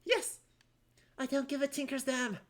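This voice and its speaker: A bossy Cockney tavern keeper barking orders at a servant, as a streamer puts it on. The voice is pitched up and clipped, impatient and quick to scold. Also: level tone, a bit bright. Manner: brisk, scolding, raised pitch. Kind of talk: reading game dialogue in character.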